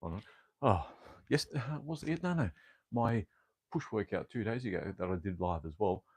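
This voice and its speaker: Australian man, deep-ish voice, casual workout stream chatter, fillers, mild swearing, dry sound. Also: expressive, normal speed, darkish tone, slightly rough, no room sound. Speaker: fitness livestreamer. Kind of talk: casual live-stream chat while exercising. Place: at home, indoors. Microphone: clip-on mic that falls off at times.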